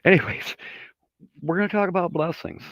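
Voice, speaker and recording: A man's voice: sits high, very animated, a little fast, vocal fry, fairly bright tone, no echo. A man hosting a casual livestream chat, rambling in a folksy way and laughing at his own jokes. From Michigan. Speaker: livestream host.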